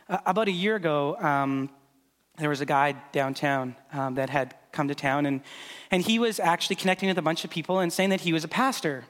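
In a relaxed sermon, a man serving as pastor walks volunteers through a demo, chatting loosely with plenty of fillers. He speaks fairly quickly with a fairly high, fairly bright voice, and long reverb from the hall fills the audio.

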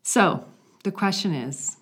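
A woman telling a story in a conversational faith reflection, animated, with hushed passages. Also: mid-range voice, takes it slowly, breathy edge. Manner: storytelling, animated, drops to a hushed voice for quiet moments.

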